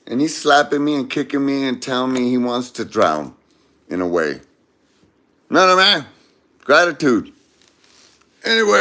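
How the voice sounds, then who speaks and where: A man's voice: mid-range voice, very animated, unhurried, long pauses, pushed and bright. A man telling a comedic story in a rambling way, mixing up names and correcting himself as he goes.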